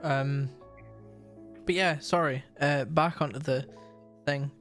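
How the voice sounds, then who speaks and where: A man's voice: on the high side, steady tone, takes it slowly, a bit bright, soft background music. A man co-hosting a podcast, chatting in a laid-back way. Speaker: podcast co-host. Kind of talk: casual chat.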